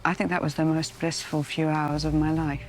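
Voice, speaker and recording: An actress playing a yearning, lovelorn 19th-century gentlewoman in a period television drama, speaking in a pleading, intimate way. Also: low voice, little pitch movement, normal speed, faint music behind.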